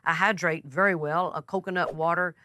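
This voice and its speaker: Folksy woman with a lowish voice. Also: fairly even intonation, fairly quick, pushed and bright. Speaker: country singer teaching a masterclass. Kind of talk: relaxed masterclass talk.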